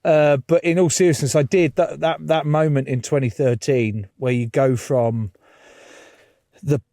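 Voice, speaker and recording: A man's voice: fairly high pitch, fairly even intonation, measured pace, dark tone, no room sound, studio quality. A man, a podcast guest telling stories in casual chat, swearing freely and laughing as he goes.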